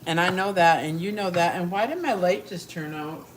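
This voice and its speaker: A woman's voice: lowish voice, moderate pace, slight background noise. A woman hosting a live cooking stream from her home kitchen, brash and joking, talking straight to her viewers. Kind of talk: chatty live cooking demo.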